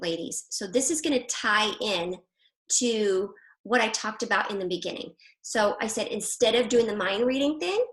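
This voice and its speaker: A woman hosting a women's group on a video call, talking in a casual, animated way and laughing easily. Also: on the high side. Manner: chatty, animated, quick to laugh. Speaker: Christian marriage coach hosting a women's group. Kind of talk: casual live online coaching talk. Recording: roomy echo.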